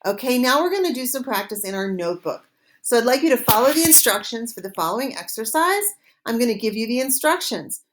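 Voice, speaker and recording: A woman teaching a recorded French lesson, modeling phrases slowly and clearly for students to repeat. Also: fairly high pitch, big pitch swings, slight background noise.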